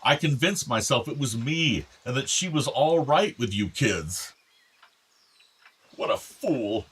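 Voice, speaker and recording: An actor playing an ailing older father in a radio drama, soft-spoken, tender and apologetic. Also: mid-range voice, animated, slow pace, husky, exaggerated voice. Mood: remorseful.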